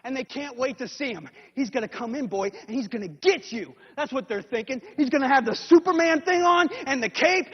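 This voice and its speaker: A man preaching a sermon as a dramatic story, acting it out and swinging from hushed whispers to shouted calls. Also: extremely high pitch, expressive, a little fast, hardly any pauses, husky. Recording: dull lo-fi recording in a reverberant hall.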